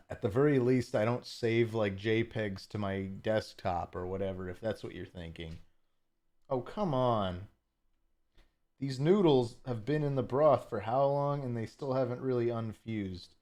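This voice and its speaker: A man hosting a live stream, chatting casually with viewers in a rambling, self-deprecating way. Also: medium pitch.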